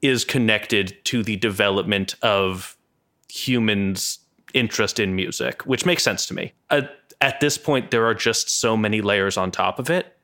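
A man's voice: on the low side, measured pace, bright, forceful tone. A man co-hosting a podcast, talking casually and hedging a lot, with many restarts. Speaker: podcast co-host.

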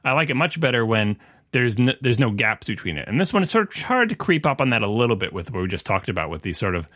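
A man's voice: medium pitch, sing-song, quick pace, fairly bright tone, no echo, studio quality. A man talking casually as a panelist on a podcast, opinionated and going on in long runs with restarts.

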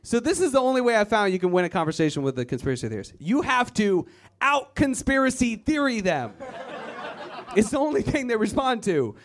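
On a comedy club stage before a live audience, a man from Virginia, USA, performs stand-up in a high-pitched, sing-song voice, talking fairly quickly. He mocks the voices of the people he describes, and there's a little hiss or hum.

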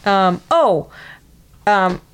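A woman's voice: medium pitch, expressive, extremely slow, smooth. A woman co-hosting a casual podcast, recapping a sitcom with lots of hesitant ums. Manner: hesitant, many ums, easygoing. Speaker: podcast co-host.

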